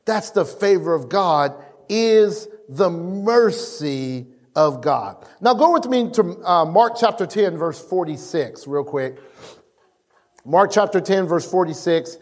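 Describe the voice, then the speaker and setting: A man preaching a sermon, reading scripture aloud and acting out the voices with emphatic, drawn-out delivery. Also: fairly high pitch, lively intonation, a little mellow. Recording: long hall reverb.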